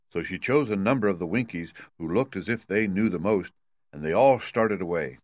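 A man narrating a children's storybook in a steady, even reading. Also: lowish voice, no echo.

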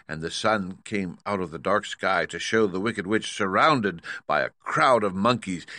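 A male narrator reads a storybook in a measured, even way. His voice is bright and forceful, a little low, with a dry close-mic sound. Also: dry recording. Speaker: audiobook narrator. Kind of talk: scripted narration.

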